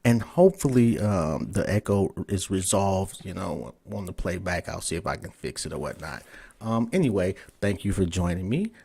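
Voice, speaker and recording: A man's voice: low voice, lively intonation, moderate pace, gravelly, dark tone, breathy edge. A man hosting a podcast interview over a remote call, casual and profane, repeatedly checking whether his guest can hear him. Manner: loose and profane, frustrated with tech trouble. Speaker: podcast host.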